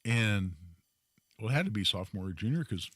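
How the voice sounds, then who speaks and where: Guy on talk radio, lively swingy pitch, dry close mic, tells stories hard and emphatic. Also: fairly quick, no echo. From Indiana, US. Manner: animated storytelling, emphatic. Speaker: radio host.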